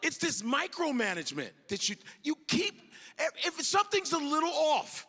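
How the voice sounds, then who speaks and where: A man performing a stand-up comedy set on a club stage, acting out characters with sudden shouted outbursts. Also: extremely high pitch, moderate pace. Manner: animated, acts out characters with big shouted outbursts. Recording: live club recording with audience noise.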